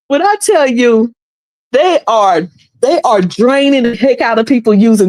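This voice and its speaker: Lively woman livestreamer, dry close sound. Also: on the high side, unhurried, no room sound. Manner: lively, colloquial and preachy, often laughing. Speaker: livestream host. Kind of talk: casual livestream commentary.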